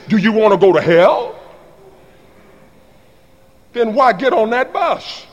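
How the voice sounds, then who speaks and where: A man's voice: high voice, slow pace, pauses often. A man preaching a sermon, leading his congregation in call-and-response and acting out little scenes as he goes. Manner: animated, plays out little scenes, calls on the congregation. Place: large hall or church. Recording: long hall reverb.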